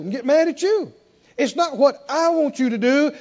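A high-pitched male preacher who drops to near-whispered storytelling and then climbs back into loud, emphatic exhortation. He has the congregation repeat lines back to him. The recording sounds muffled. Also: lively intonation, moderate pace. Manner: leads call-and-response with the congregation. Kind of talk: sermon.

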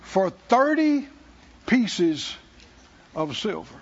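A man's voice: high-pitched, very animated, drawn-out words, breathy edge, highs cut off. A man preaching a sermon as pastor, emphatic and repetitive in a church.

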